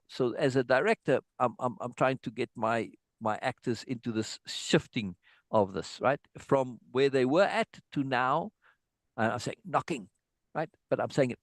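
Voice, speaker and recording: A man's voice: medium pitch, expressive, normal speed, no room sound. A man giving an informal online songwriting lesson, thinking aloud and checking in with his students with a frequent "right?". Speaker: songwriting teacher.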